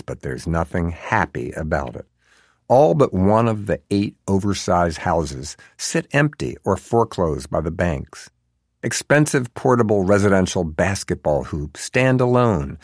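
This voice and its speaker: A man's voice: low-pitched, a little mellow, no room sound, studio quality. A man narrating a story in a wry, sardonic manner. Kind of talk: audiobook narration.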